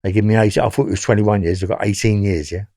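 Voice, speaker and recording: A man's voice: fairly low pitch, steady tone, fast talker, warm tone, dry recording, clean studio sound. A man with a London accent telling his story as an interview guest, rambling and often checking in with "yeah?".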